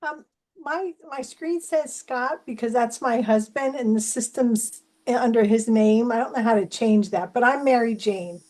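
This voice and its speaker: A woman's voice: fairly high pitch, measured pace, darkish tone, low-quality recording. Chatty woman from New Jersey. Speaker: workshop participant. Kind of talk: casual video call chat. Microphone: video call.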